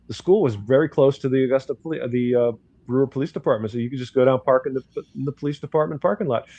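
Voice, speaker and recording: A man's voice: mid-range voice, a little mellow, dull audio. An older man, a grandfather, bluntly telling a story in casual talk and acting out the dialogue. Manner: blunt, outspoken, acts out dialogue in quotes. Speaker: guest commentator.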